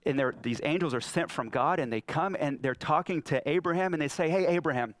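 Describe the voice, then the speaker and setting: A man preaching a sermon as pastor, telling Bible stories in an animated way and acting out the figures. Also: on the high side, brisk, a little hiss or hum. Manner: animated storytelling, acting out scripture.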